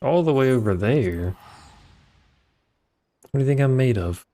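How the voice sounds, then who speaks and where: A man's voice: medium pitch, lively intonation, a little slow, warm tone. A man streaming a video game, talking casually with wry grumbling and swearing. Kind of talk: casual gameplay commentary.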